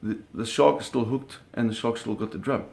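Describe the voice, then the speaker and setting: A middle-aged man casually telling a story, animated, with sound effects and acted quotes. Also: medium pitch, a little fast, gravelly. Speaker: storyteller recounting a fishing trip.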